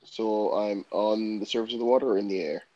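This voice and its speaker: A man's voice: on the low side, a little fast, a little mellow, highs cut off. A man playing a tabletop game, answering briefly and a little hesitantly. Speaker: player. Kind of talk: casual in-character play.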